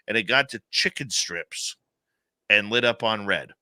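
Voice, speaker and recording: A man hosting a radio talk show, telling stories in a lively, chatty way. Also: lowish voice, normal speed, dry recording. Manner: animated storyteller, laughs easily. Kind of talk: casual radio talk, storytelling.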